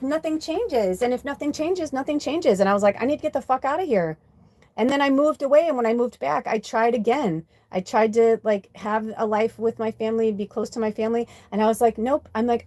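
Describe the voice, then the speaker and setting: A middle-aged American woman talks straight into her livestream, swearing freely and ranting with conviction. Her voice sits a little high, and the recording is close and dry with no room echo. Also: a little mellow. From United States. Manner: blunt, heavy swearing, impassioned ranting. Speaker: spiritual channel host. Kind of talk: casual livestream monologue.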